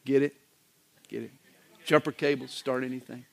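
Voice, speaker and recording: A male pastor delivering a sermon in a folksy, joking manner, with wide swings in pitch. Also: steady tone, moderate pace, creaky.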